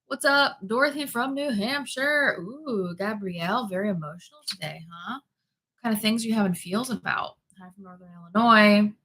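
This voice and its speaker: A woman in her thirties hosting a spiritual livestream, chatting casually and reading viewer comments in a bubbly, excitable way. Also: fairly high pitch, normal speed. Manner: bubbly, excitable, greets viewers by name and laughs often.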